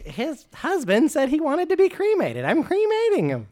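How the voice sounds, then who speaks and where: A man playing a deadpan, shady rogue. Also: high-pitched, normal speed, clear, resonant tone, voice pushed up. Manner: deadpan, offhand. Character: shady male rogue, deadpan about a murder.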